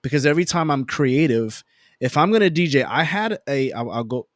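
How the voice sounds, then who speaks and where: During a relaxed podcast chat, a father tells a lively story, brisk and animated, using emphatic repetition and poking fun at himself. His pitch is an ordinary middle range for a man, recorded dry and close without any room echo.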